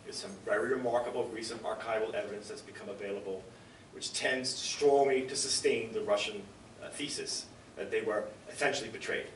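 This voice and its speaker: A man's voice: fairly low pitch, steady tone, a little fast, slight background noise. An older man giving a public lecture to a room, emphatic and fond of rhetorical questions and asides to the audience. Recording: echoey lecture hall from far off.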